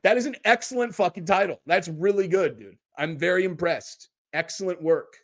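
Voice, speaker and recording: A man hosting a livestream in casual chat, rambling, excitable and swearing constantly. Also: sits high, moderate pace, few pauses. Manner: profane, rambling and excitable, with many restarts. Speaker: livestream host.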